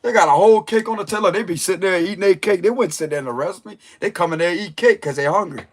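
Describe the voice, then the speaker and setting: A man's voice: high-pitched, racing. A man who reads tarot, telling a story in a loose, joking way full of slang. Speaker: tarot reader. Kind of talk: casual storytelling chat.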